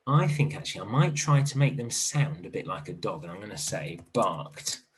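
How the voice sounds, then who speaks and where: A man teaching an online primary literacy lesson in a gentle, encouraging way, thinking aloud as he writes. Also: lowish voice, expressive, moderate pace, slight background noise.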